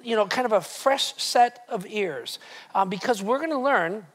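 A male pastor delivering a sermon to a live congregation, retelling scripture in a lively, conversational way with frequent restarts. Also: sits high, moderate pace. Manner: animated, conversational storytelling with many restarts. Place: church hall with live congregation.

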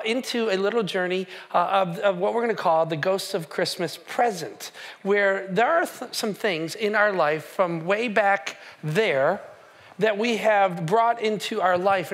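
A male pastor with a high, fairly bright voice gives a conversational sermon, addressing the congregation directly and asking them questions. He uses frequent fillers and keeps restarting his sentences.

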